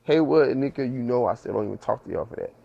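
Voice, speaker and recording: Gravelly-voiced man telling a story. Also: medium pitch, quick pace, lo-fi sound. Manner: animated, slangy, acts out quoted voices. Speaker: podcast host. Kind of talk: casual storytelling.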